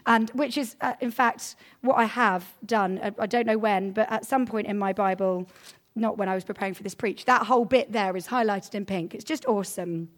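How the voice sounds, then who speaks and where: A woman giving a sermon as preacher, earnest and conversational, growing animated when she tells everyday examples. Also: medium pitch, normal speed.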